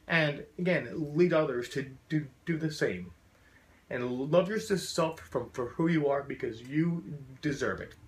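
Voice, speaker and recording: A man's voice: on the high side, unhurried, slight background noise. Man speaking with a heavy stutter. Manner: stutters heavily, repeating sounds and blocking; earnest, encouraging. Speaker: support group speaker. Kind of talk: motivational talk to a support group.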